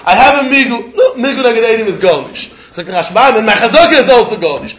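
A man's voice: very high voice, lively intonation, quick pace, a bit bright. Male Talmud teacher, questioning and chuckling, in an echoey room. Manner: poses rhetorical questions, chuckles while arguing. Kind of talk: Talmud lecture. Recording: roomy echo.

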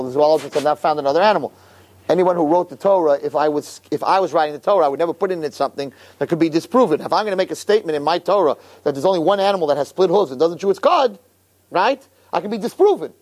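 A man giving an animated storytelling sermon as a religious teacher, who keeps checking in with the audience. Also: fairly high pitch, rapid-fire. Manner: animated, keeps asking "right?".

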